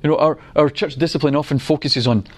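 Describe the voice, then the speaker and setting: A middle-aged man preaching a sermon, earnest and unhurried, telling stories and acting out quotes. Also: on the high side, steady tone.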